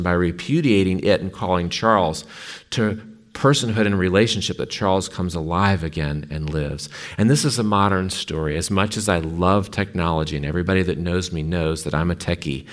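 A male preacher giving a sermon, telling and reading a story in an emphatic, dramatic way. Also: low-pitched.

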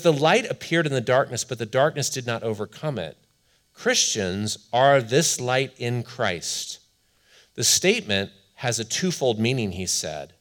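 A man preaching a sermon as pastor, earnest and emphatic, slowing down to stress key lines. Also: mid-range voice.

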